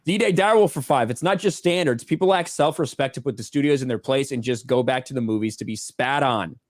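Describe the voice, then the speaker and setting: A man co-hosting a casual livestream reads out viewer superchats at a fairly quick clip, swearing offhandedly. His mid-range voice comes through a dry, studio-quality recording.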